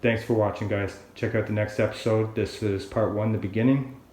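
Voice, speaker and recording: A man's voice: lowish voice, steady tone, darkish tone, reverberant. A man casually narrating a video diary about building his own game table, talking alone in his workshop. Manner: slow, unhurried and chatty. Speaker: hobbyist woodworker vlogger.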